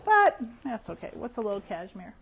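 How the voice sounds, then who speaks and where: A woman's voice: mid-range voice, big pitch swings, brisk, creaky, lo-fi sound, slight background noise. A woman who owns a yarn shop, chatting casually through the week's events on a shop livestream. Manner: chatty, rambling, warm with regulars.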